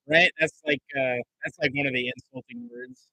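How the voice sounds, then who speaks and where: A man's voice: fairly high pitch, very animated, normal speed, vocal fry, bright, forceful tone, dry recording, low-quality recording. A young man doing live play-by-play commentary on a stream, chatting casually with viewers between plays. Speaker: livestream commentator.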